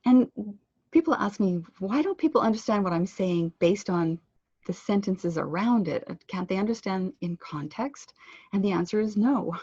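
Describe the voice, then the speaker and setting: A woman giving an online pronunciation lesson, speaking clearly and deliberately and slowing down to model words. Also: mid-range voice, lively intonation, warm tone, dry recording, highs cut off. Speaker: pronunciation instructor. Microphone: computer microphone on a web conference.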